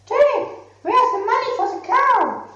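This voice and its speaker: A shrill, exasperated storybook mother, as a woman puts her on, her voice leaping up high and swinging wildly. The reading sounds roomy and slightly dull, as if taped in an echoey room. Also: expressive, measured pace, bright, forceful tone, heavily acted.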